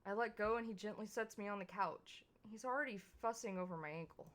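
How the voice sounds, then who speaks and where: A woman streamer reads a story game aloud in a bright, clear voice. She is casual and chatty, tripping over words and fixing them as she goes. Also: mid-range voice, brisk, few pauses. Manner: casual, stumbling over words and laughing at slips. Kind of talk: reading a visual novel aloud.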